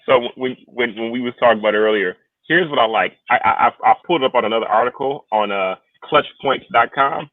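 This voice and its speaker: A man in his thirties co-hosting a podcast, chatting casually about sports with animated, exclamatory reactions. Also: medium pitch, a little fast, hardly any pauses, no echo. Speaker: podcast co-host. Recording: tinny phone-like line.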